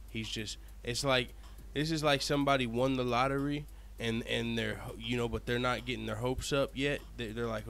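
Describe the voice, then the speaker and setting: Forceful sarcastic male commentator. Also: mid-range voice. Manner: sarcastic, profane, quick asides. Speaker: MMA news commentator. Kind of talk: mocking commentary vlog.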